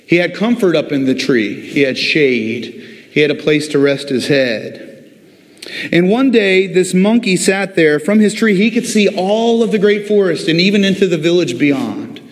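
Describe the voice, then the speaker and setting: A male pastor preaching a sermon, telling a story with animated delivery and speaking directly to his congregation. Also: high voice, normal speed. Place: church before a congregation. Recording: long echo of a large hall.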